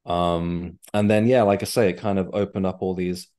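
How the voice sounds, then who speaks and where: A man, a guest in a casual interview, telling a rambling, animated story. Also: low-pitched, moderate pace. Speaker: guest, medium and author.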